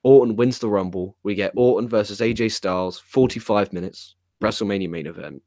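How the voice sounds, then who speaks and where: A man co-hosting a late-night wrestling chat, excitable and crude, swearing freely. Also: on the low side, a little fast, no room sound, studio quality. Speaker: podcast co-host. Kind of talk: casual chat.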